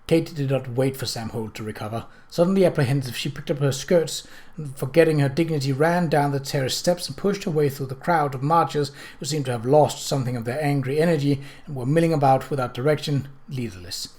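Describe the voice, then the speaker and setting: A man reading a novel aloud in a steady, expressive narration. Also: mid-range voice, brisk. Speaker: audiobook reader.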